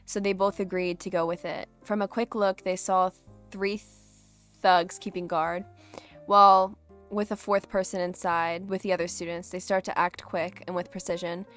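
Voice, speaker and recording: A woman reading fanfiction aloud, expressive, who stops now and then to react. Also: lowish voice, moderate pace, soft background music. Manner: expressive, breaks off to react and laugh. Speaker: fanfiction reader.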